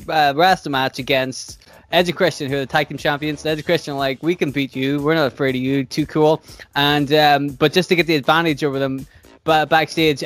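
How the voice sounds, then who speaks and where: A man co-hosting a casual podcast, rambling through a quick story and swearing freely. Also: fairly high pitch, a bit bright. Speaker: podcast co-host.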